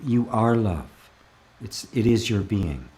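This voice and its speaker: Male spiritual teacher, deeper voice, calm live Q&A host reading comments, gentle laughs. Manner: calm, reflective, often slows to stress a word.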